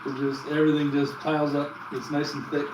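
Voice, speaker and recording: A helper in a home kitchen gives cooking directions in a low-key, instructive way, away from the mic. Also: completely flat delivery, fairly quick. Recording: echoey room, noisy, distant from mic.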